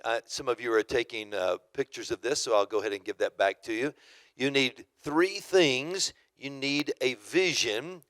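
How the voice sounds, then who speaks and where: A man's voice: mid-range voice, a bit bright, dry recording. A middle-aged male pastor teaching at a church conference, telling stories and acting out quotes with emphasis. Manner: storytelling, emphatic, acts out quotes. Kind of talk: sermon-style teaching. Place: church auditorium.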